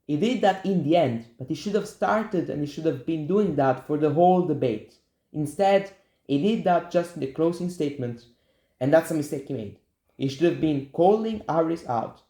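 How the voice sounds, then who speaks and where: A man's voice: a little high, lively intonation, normal speed, dark tone, roomy sound. A young man hosting his own show, giving blunt, repetitive political opinions and talking straight to viewers. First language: Italian. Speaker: show host. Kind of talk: casual political commentary.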